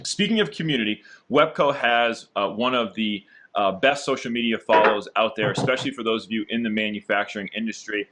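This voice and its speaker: A man's voice: lowish voice, brisk, few pauses, fairly bright tone, slight background noise. A man hosting an interview over a video call, upbeat and encouraging, with frequent fillers. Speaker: interviewer and host.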